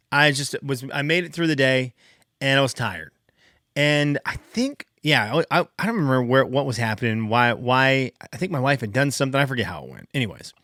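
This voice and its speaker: Male podcast host, 30s, casual storyteller: bright, forceful voice, animated and exasperated, dry close sound. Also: no room sound. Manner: animated, exasperated, jumps high in pitch for emphasis.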